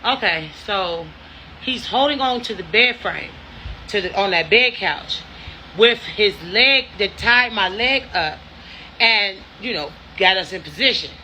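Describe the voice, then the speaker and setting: A woman in her fifties telling a story casually, in a blunt, profane and animated way. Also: medium pitch, a little slow, a little hiss or hum, poor audio. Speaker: storyteller vlogger.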